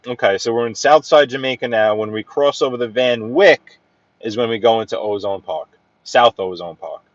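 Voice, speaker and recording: A man with a New York accent chats loosely with his viewers as he drives, calling out their names and talking about the streets he passes. His voice sits at an average pitch. The sound is dry and a little muffled, as if captured inside the car. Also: moderate pace, dry recording. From Brooklyn, New York. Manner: chatty, rambling, greets viewers by name. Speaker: livestream driving host. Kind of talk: casual live-stream chat while driving. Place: inside a car in city traffic.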